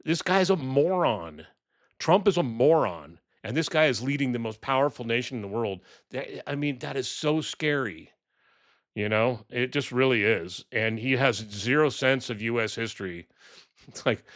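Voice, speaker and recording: A man's voice: fairly low pitch, expressive, normal speed, a bit bright. A man ranting through political commentary on his vlog, mocking and exasperated, swearing and stumbling over frequent ums and restarts.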